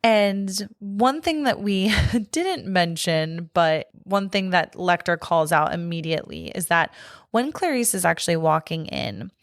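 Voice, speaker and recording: A woman's voice: on the low side, animated, measured pace, dry recording, studio quality. A young adult woman co-hosting a podcast, talking casually about a movie with lots of filler likes and the odd swear word. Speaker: podcast co-host. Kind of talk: casual film chat.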